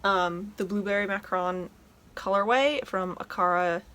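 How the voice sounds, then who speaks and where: A woman's voice: medium pitch, measured pace, a bit bright. Woman, knitting podcast host, casual chatty show-and-tell, enthusiastic, at home. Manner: chatty, enthusiastic, talks to her dog.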